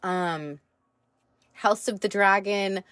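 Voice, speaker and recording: A woman hosting a solo podcast review, rambling and excitable, swearing casually and laughing often, with lots of fillers. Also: medium pitch, no room sound. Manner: slow, drawn-out delivery with many fillers. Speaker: podcast host.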